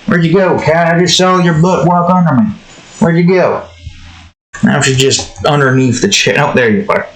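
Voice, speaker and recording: A man's voice: fairly high pitch, normal speed, echoey room, low-quality recording. A man talking to himself in a casual, rambling way while he draws. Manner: mumbling to himself, musing and rambling. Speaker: artist and video creator. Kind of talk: casual commentary while drawing.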